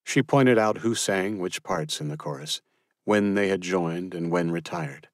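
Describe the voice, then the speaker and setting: A man reading literary fiction as an audiobook narrator in a measured, expressive manner. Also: deep voice, no room sound, studio quality.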